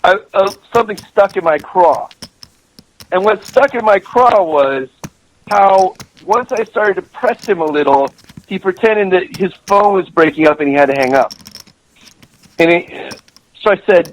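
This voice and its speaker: On a call-in show, a middle-aged professional gambler phones in as a guest and spins a heated tale full of profanity and repeated words. His voice sits high and sounds animated, he keeps a measured pace, and the audio is poor quality.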